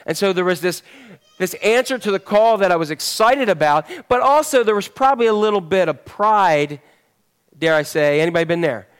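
A man's voice: high voice, lively intonation, brisk, smooth. A man preaching a sermon as pastor in a church service, talking in a conversational, joking storytelling manner.

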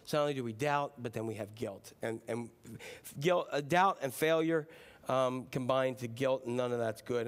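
A man preaching a sermon in a conversational, animated way, dropping his voice to act out quoted lines. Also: mid-range voice. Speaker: pastor.

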